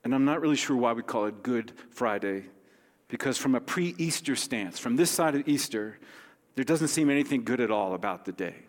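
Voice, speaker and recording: A man preaching in a church sanctuary, his voice carrying a long hall reverb. He talks in an easygoing, conversational way with touches of humor. His pitch sits in an ordinary middle range. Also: lively intonation, moderate pace. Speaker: pastor. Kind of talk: sermon.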